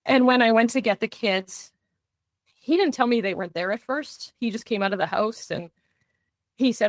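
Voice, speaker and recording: Appearing as a guest in a podcast interview, a young adult woman earnestly tells a personal story, acting out what other people said. Her voice sits on the high side at a moderate pace, the recording is dry, and she relates events in vivid runs full of quoted dialogue.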